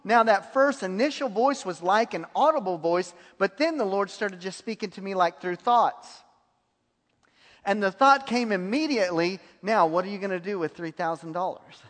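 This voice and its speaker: High-voiced man preaching in a hall. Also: normal speed. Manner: animated storytelling, laughs often. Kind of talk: sermon testimony.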